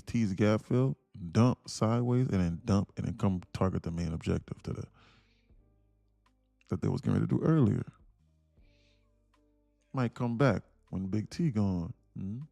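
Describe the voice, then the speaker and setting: A man's voice: fairly low pitch, gravelly, dark tone, dry recording. A man streaming live day trading, talking casually and laughing as he reads chat aloud. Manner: laid-back, chuckling, reads chat aloud.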